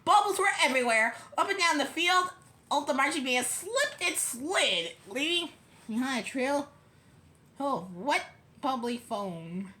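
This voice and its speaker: Woman reader for a kids' book, bright and animated, expressive with the odd slip. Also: high-pitched, unhurried. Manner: expressive storytelling with small stumbles. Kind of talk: reading a children's book aloud.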